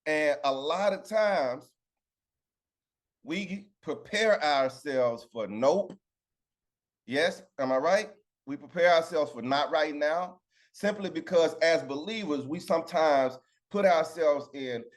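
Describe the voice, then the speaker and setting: A man's voice: on the high side, a little slow. A man teaching a casual Bible lesson over a video call, chatting with his group and keeping them in with a "right?".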